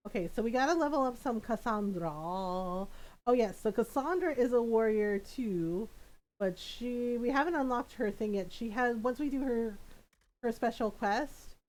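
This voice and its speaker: A woman streams a game and talks casually with her chat, her voice sitting a little high for a woman. She laughs often and slips into playful voices when she quotes people. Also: darkish tone, poor audio. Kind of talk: casual gameplay chat with chat readers.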